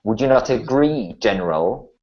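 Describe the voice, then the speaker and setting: A smug, self-assured elf scout captain, played by a man, cool and confident in how he speaks. His voice sits fairly low, and the recording sounds muffled and lo-fi. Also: lively intonation, normal speed, darkish tone, natural voice.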